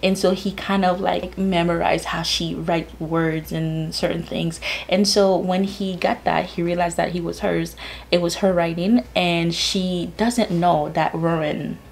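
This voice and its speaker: A woman's voice: lowish voice, steady tone, unhurried, vocal fry, slight background noise. Chatty woman gushing about books. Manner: chatty, gushing, many "like" fillers. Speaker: book vlogger. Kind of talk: casual reading vlog chat.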